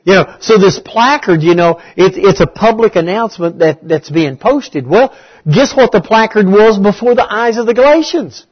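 A man's voice: sits high, animated, moderate pace, breathy edge, muffled recording. A man preaching a conversational bible study, asking his listeners questions and repeating key words.

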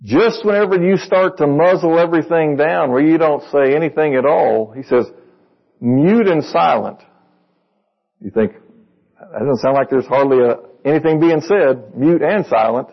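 A man's voice: fairly high pitch, normal speed, highs cut off. A man preaching a sermon to a congregation in a conversational way, reading verses and asking them questions. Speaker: pastor.

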